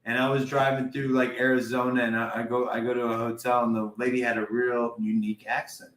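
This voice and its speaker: A man's voice: medium pitch, brisk. A middle-aged man hosting a podcast and chatting casually, joking and cursing freely. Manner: joking, profane, animated talker. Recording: roomy echo.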